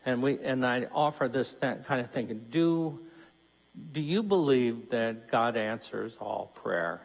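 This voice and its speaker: A man's voice: mid-range voice, expressive, unhurried, vocal fry. A man giving a conversational Lenten mission talk as a deacon, putting questions to his listeners. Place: church. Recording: long church reverb.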